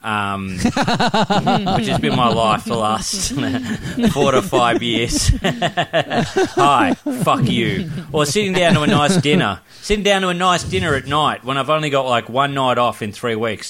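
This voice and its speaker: Rambling, giggly comedian. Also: male voice, medium pitch, lively intonation, moderate pace, a bit bright. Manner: rambling, laughing, stumbling restarts. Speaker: comedian guest. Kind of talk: casual comedy podcast chat.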